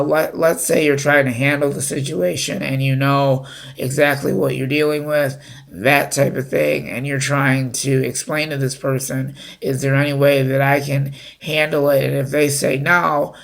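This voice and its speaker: Slow, gravelly-voiced man giving advice. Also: mid-range voice. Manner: halting, many fillers and restarts. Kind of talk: unscripted talk to camera.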